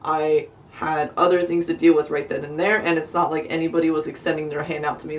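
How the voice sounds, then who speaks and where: A woman's voice: deep voice, flat delivery, fairly quick, hardly any pauses, a little hiss or hum. A young woman from South Jersey telling a storytime in an exasperated, profane, sarcastic rant. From South Jersey, USA. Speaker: vlogger. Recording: voice a bit far from the mic.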